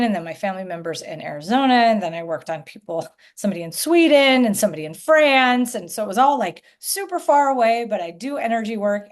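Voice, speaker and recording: A middle-aged woman tells a personal story on a podcast, her voice at an ordinary middle pitch. She tells it with animation and slips into the voices of the people she quotes. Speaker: energy healer guest.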